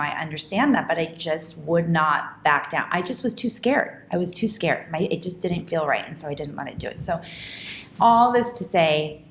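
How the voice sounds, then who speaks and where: A woman hosting a podcast, telling a personal story in an animated, emphatic way, with quick restarts. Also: a little hiss or hum. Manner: animated, fast talking with frequent restarts; emphatic, rising pitch when indignant. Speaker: podcast host.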